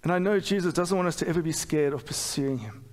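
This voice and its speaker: A man's voice: fairly high pitch, quick pace. A middle-aged man preaching a sermon in a church, candid and self-deprecating, with many fillers and restarts. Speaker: pastor. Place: church hall. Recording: long hall reverb.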